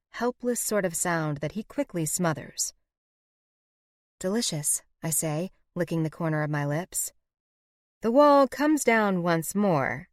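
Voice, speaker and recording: A woman reads a first-person romance audiobook in a fairly low, intimate voice. The narration is close and dry, with no room sound at all. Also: dry recording.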